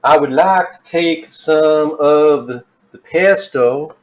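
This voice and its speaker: A man doing an impression of a demonic woman from a TV drama, drawing out each word slowly and deliberately in a home kitchen. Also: on the high side. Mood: slow, eerie. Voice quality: drawn-out, slow, measured delivery.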